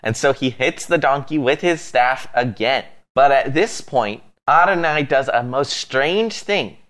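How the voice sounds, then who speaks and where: Male co-host, casual Bible storytelling, animated, easygoing delivery. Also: medium pitch, measured pace. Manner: lively, amused storyteller.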